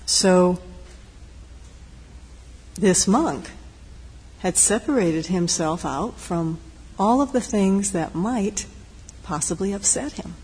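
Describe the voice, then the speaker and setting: A woman meditation teacher giving a dharma talk in a gentle, reflective, unhurried way, with pauses. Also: mid-range voice, lively intonation, breathy edge. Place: meditation hall. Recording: long hall reverb, faint noise.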